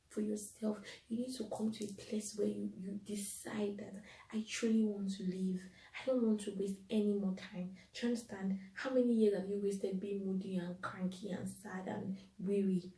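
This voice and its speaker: A woman delivers an inspirational faith talk, earnest and pleading, circling back to repeat her key phrases. Her tone is mellow and soft-edged. She sounds set back from the mic in a room with noticeable echo. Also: medium pitch, fairly even intonation, moderate pace, creaky, hardly any pauses, recorded from a distance. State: tearful at times. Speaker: podcast host.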